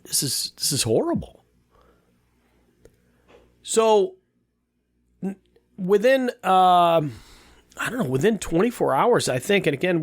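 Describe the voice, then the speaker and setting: A man's voice: fairly high pitch, dry recording. A man in his fifties, a podcast host telling a personal story in a casual, rambling way, with many restarts and repeated words. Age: 50s.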